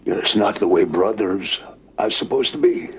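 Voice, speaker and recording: An actor playing a stubborn older Irishman, slow and reflective in a scripted drama. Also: low-pitched, fairly even intonation, slight background noise. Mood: rueful. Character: stubborn Irish older man grieving his brother.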